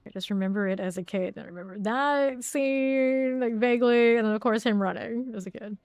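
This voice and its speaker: A woman's voice: on the high side, fairly quick, darkish tone, no room sound. A woman streamer chatting casually while playing a game live, rambling and laughing often.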